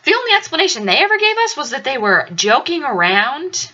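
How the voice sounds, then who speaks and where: A young woman casually telling a story about her apartment, acting out the quotes with big swings in her voice. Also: fairly quick. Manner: animated, acts out quotes with big pitch jumps. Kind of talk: casual anecdote. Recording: dull lo-fi audio.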